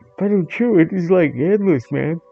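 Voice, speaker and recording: A man voicing a dim, food-obsessed male cat who keeps whining and begging loudly for crackers. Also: a little high, normal speed, gravelly, muffled recording, faint music behind, pitched above the performer's own voice. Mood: whiny, pleading. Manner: whiny, loud and insistent.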